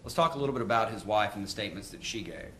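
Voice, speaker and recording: A man's voice: lowish voice, lively intonation, very fast, pushed and bright, slight background noise. A man, a prosecutor, questioning a witness in court with methodical, leading questions.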